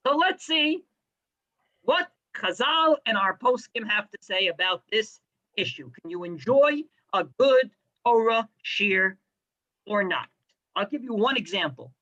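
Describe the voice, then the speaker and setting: A man teaching a Torah class, animated, with sarcastic asides and Hebrew terms mixed in. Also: high-pitched, unhurried, highs cut off. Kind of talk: lecture to a class.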